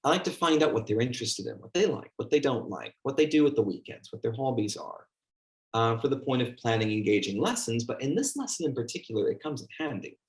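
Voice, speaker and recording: A man's voice: medium pitch, big pitch swings, quick pace. A man giving a teacher training workshop, speaking conversationally and acting out the questions he asks his class. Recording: echoey room.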